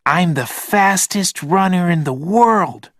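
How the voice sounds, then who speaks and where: A man's voice: high-pitched, expressive, slow pace, dry recording, studio quality, voice pushed up, heavily acted. A man voicing a young boy who brags and laughs while running. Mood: teasing. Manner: teasing, sing-song.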